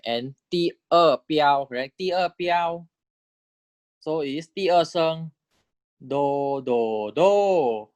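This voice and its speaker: A man teaching a recorded lecture, patiently drilling syllables, repeating each one and checking with "right?" while modeling tones with exaggerated pitch jumps. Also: dry recording, studio quality. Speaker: language teacher.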